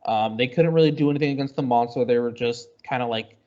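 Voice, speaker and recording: A man's voice: medium pitch, quick pace, warm tone. Man, podcast co-host, casual rambling recap, lots of fillers, dull lo-fi sound. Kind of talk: casual chat.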